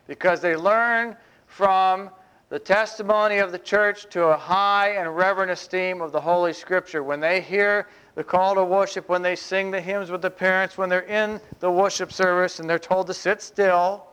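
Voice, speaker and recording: A male pastor delivers a sermon in a smooth, resonant voice that sits slightly high for a man. He talks to the congregation in a relaxed, chatty way with humorous asides. He slows down deliberately to press home key phrases. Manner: emphatic, slowing down to stress phrases.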